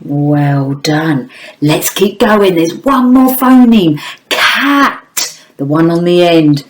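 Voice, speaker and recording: A woman teaching a phonics lesson to young children, sounding out each phoneme slowly and encouraging children and parents to join in. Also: sits low, animated, darkish tone. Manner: slow, clear, sounding out phonemes with sing-song emphasis.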